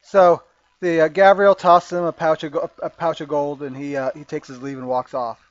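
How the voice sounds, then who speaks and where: A man narrates a tabletop game as game master in a voice pitched a little high. He talks haltingly, full of fillers and restarts. The sound is dry and dull, like a lo-fi recording. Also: flat delivery, no echo.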